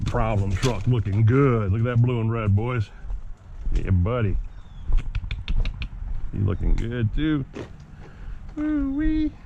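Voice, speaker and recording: A man with a low voice chats to his viewers in a loose, joking way as he packs his gear. The audio sounds dull and lo-fi, with clear noise running behind him. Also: normal speed, few pauses, warm tone. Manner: chatty, jokey, talks to viewers as guys and boys. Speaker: RC hobby vlogger. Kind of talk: casual vlog chat to camera while packing gear.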